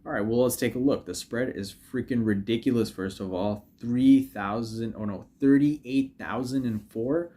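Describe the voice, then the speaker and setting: This time the trading channel host sounds mellow, with a mid-range voice at normal speed and few pauses. He still rambles over his screen, joking, self-correcting and leaning on fillers in a casual commentary.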